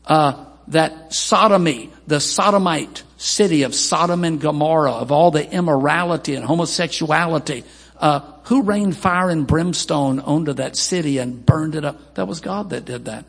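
A pastor with a gravelly, slightly husky voice preaches with strong emphasis and lifts his pitch when he quotes people. His voice sits a little high for a man and rings with long reverb through a church hall. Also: moderate pace, fairly bright tone. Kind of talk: sermon.

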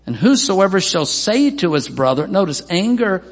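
A man's voice: sing-song, moderate pace. A man preaching a sermon as pastor, emphatic, with Scripture readings and quoted asides. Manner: emphatic preaching, voices quoted people in a raised pitch. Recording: long hall reverb.

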